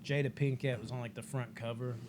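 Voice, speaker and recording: A man co-hosting a casual movie podcast, rambling excitedly, swearing often and acting out movie lines. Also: medium pitch, fairly quick, noisy background. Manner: rambling, excited, swears a lot, acts out quotes. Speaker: podcast co-host.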